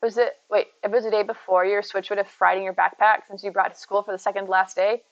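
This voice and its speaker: An American woman chats casually from home on a stream, rambling and reading out viewers' messages to answer them by name. Her voice is mid-range and level, her pace quick. The audio is dull, with no echo.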